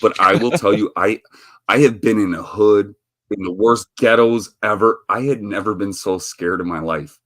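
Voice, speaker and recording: A man's voice: fairly low pitch, normal speed, a bit bright. A man from the Chicago area hosting a livestream, telling a rambling, profane story that he often breaks up with laughter. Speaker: livestream host. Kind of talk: casual livestream chat.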